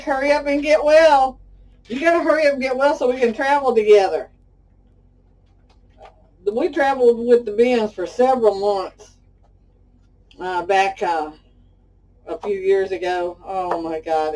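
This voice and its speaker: A woman's voice: fairly high pitch, unhurried, long pauses, a little mellow, distant mic, rough recording. A middle-aged woman from Texas with a Southern accent, chatting folksily to viewers as she demonstrates a recipe. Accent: Texan Southern. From Pasadena, Texas. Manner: folksy and talkative, addresses viewers as y'all. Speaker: cooking show host. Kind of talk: casual cooking demonstration with chatty stories.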